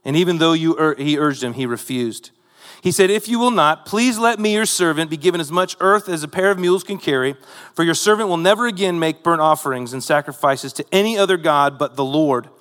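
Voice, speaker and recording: A man's voice: on the high side, fairly quick, a bit bright, long reverb tail. A man preaching a sermon, retelling a Bible story in a conversational way with rhetorical asides to the congregation. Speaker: pastor.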